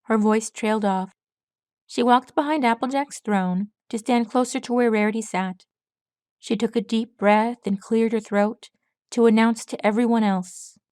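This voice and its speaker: A woman narrating her own fan fiction audiobook in a steady, even storytelling voice. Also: fairly high pitch, a little slow, no echo, studio quality. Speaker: audiobook reader.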